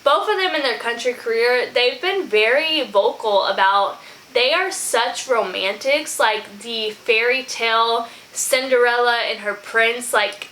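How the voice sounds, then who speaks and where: A woman hosting a music reaction vlog, rambling and thinking out loud in casual chat, now and then saying "y'all". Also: fairly high pitch, unhurried, poor audio. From from a small country town.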